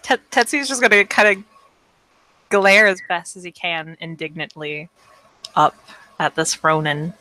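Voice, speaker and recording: A woman's voice: on the low side, fairly even intonation, unhurried, pauses often, pushed and bright, no room sound, low-quality recording. A woman playing in a tabletop game, chatting casually and interrupting herself as she describes her character. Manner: chatty, self-interrupting, laughs easily. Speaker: player.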